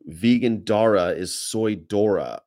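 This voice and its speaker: A man's voice: lowish voice, slow, a little mellow. A man with an American accent hosting a casual livestream, reading viewer comments and rambling with jokes and casual swearing. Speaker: host.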